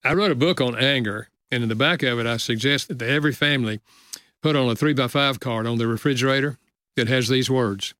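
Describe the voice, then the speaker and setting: An older man, a guest author, telling a personal story in an earnest, measured way in a casual conversation. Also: mid-range voice, a bit bright, no echo, clean studio sound.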